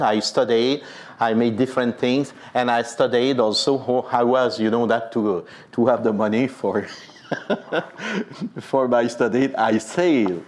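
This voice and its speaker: A priest tells a personal story in an animated way, often saying "you know". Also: male voice, medium pitch.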